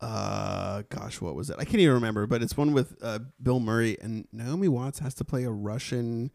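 A man's voice: mid-range voice, moderate pace, creaky, a little mellow, dry recording, clean studio sound. A man in casual chat who rambles and jokes around, now and then slipping into silly voices.

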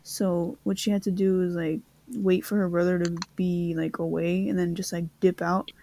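A woman's voice: lowish voice, little pitch movement, normal speed, creaky, warm tone, slight background noise. A young woman co-hosting a casual podcast, talking bluntly, swearing freely and rambling through long explanations. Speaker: podcast co-host. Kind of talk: casual profane chat.

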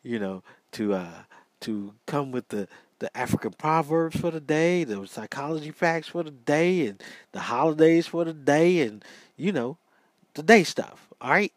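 A man's voice: fairly high pitch, lively intonation, measured pace, no echo. An American man hosting a casual solo podcast, talking in a chatty, repetitive way and calling his listeners y'all, a little sleepy. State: sleepy, yawning. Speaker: podcast host. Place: small home studio.

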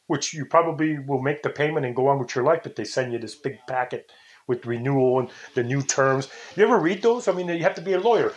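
An older man hosting a casual talk show, rambling and indignant, sometimes imitating how people say things. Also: on the high side. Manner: rambling, indignant, mimics intonations. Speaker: podcast host.

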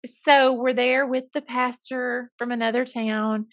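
A woman with a Southern US accent co-hosts a casual podcast. Her voice sits fairly high, and she tells stories in a chatty, folksy way. The recording is dry and close, with no room sound. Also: flat delivery, measured pace, a bit bright, no room sound. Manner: chatty storyteller, folksy phrases. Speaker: podcast co-host, school counselor. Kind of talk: casual chat.

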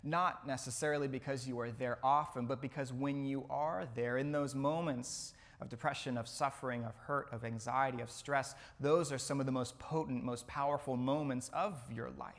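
A man's voice: mid-range voice, steady tone, moderate pace, hardly any pauses. A man preaching a sermon in a church, earnest, often repeating phrases for emphasis. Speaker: pastor. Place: church sanctuary.

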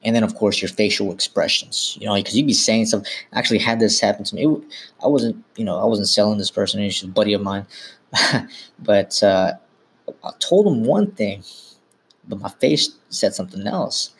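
A man's voice: fairly low pitch, fairly quick, slightly rough. A man hosting a podcast, talking informally and instructively in a casual monologue, often correcting himself mid-sentence. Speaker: podcast host.

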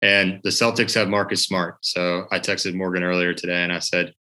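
A very deep-voiced man co-hosting a casual sports podcast. He teases the others and laughs at his own jokes, and his voice has a bright edge. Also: level tone, normal speed. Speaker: podcast co-host.

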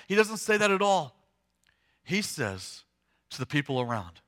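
A man preaching a sermon, retelling a story dramatically, acting out the voices and swinging from hushed to loud. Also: sits high, very animated, moderate pace. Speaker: pastor.

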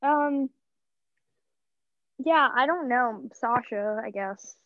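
A young woman with a high, bright pitch co-hosts a casual podcast, rambling through her thoughts with plenty of fillers and jokes at her own expense. The sound is dry and close, with a slightly muffled, lo-fi quality. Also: extremely slow, dry recording. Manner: rambling, filler-heavy, self-mocking. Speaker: podcast co-host. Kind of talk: casual chat.

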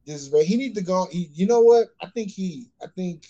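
A man's voice: high-pitched, normal speed, warm tone, lo-fi sound. A man co-hosting a podcast, chatting casually with slang and frequent restarts as he works out his point. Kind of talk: casual chat.

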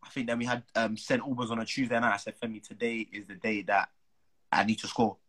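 Young guy, husky and forceful, chatty football yarn full of slang. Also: fairly low pitch, fast talker, low-quality recording. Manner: animated, slang-heavy, acts out the people he quotes. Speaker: guest, footballer. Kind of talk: casual storytelling.

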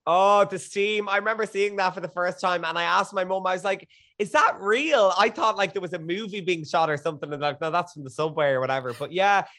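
Young guy guest, slightly high voice, gushy excitable storytelling. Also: fast talker, few pauses. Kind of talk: casual chat.

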